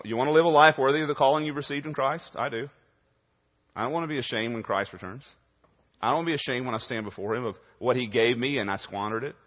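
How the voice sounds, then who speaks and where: A male pastor preaching a sermon, punching key words loudly, then dropping to quiet asides. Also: medium pitch. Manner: emphatic preaching, swings from loud stresses to quiet asides. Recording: dull sound in a reverberant hall.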